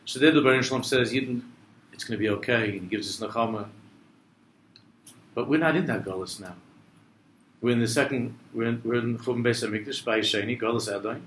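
A man teaching a Torah class in a bright, forceful voice. He reads out Hebrew and Aramaic passages and translates them, and he presses his points with growing intensity. The voice rings through an echoey, roomy space. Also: medium pitch, a little fast, long pauses, a little hiss or hum. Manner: explains text line by line, mixing in Hebrew and Aramaic quotations; builds to impassioned emphasis. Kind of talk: Torah lecture to a travel group.

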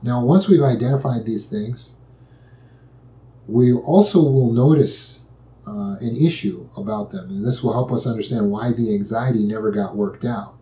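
Calm, mellow-voiced man teaching in an echoey room. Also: medium pitch, normal speed. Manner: calm, patient, explains step by step with repeated phrases. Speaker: anxiety and trauma recovery teacher. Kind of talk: instructional talk.

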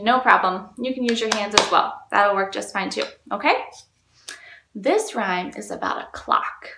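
A woman children's librarian leading a storytime, talking to young children in an animated, sing-song way. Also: medium pitch, gravelly, a little hiss or hum. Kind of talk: children's storytime reading and singing. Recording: echoey room.

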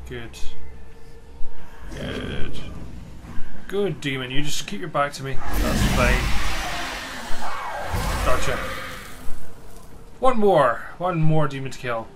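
A man's voice: medium pitch, expressive, slow pace, long pauses, noisy background. A man with a Scottish accent giving casual, chatty let's-play commentary and teasing the game as he plays. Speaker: gamer playing a game.

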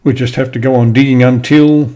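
A man voicing a kindly older male park keeper in a storybook, gentle and patient. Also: medium pitch, fairly even intonation, brisk, lightly acted. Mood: amused.

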